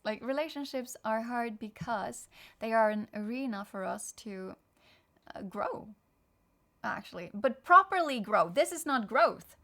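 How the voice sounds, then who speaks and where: Rambling, animated woman tarot reader. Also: on the high side. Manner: rambling, self-interrupting, animated. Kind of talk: casual tarot reading monologue.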